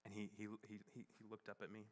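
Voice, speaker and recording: A young adult man, a pastor, telling a personal story in a sermon, halting and full of fillers, turning hushed as it grows tender. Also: on the low side, completely flat delivery. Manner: halting, many fillers, shifts from playful to hushed and tearful.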